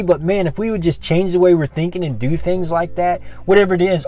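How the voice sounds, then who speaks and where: A man giving an informal devotional message, earnest and repetitive, often dropping to a soft, low voice. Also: lively intonation, a little fast, hardly any pauses, faint music behind. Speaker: preacher.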